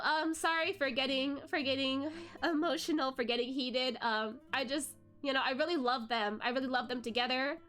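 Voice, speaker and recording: A young woman with a high voice chats casually to her stream viewers, swinging up into animated, emotional peaks. She talks freely with fillers and little laughs. Soft background music plays faintly behind her. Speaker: VTuber host. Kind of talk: casual chat to viewers, venting about a drama.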